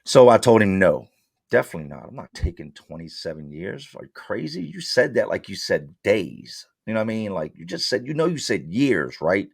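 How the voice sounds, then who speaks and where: Deep-voiced man telling it straight. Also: sing-song, a little fast, vocal fry, husky, dry recording, studio quality. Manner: blunt, street-slang storytelling that voices his own past exchanges. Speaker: interview guest. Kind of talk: candid storytelling.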